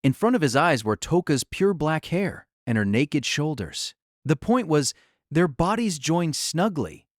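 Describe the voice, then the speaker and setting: A man narrating a light novel audiobook in an expressive storytelling manner. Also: a little high, a little slow, no echo, studio quality.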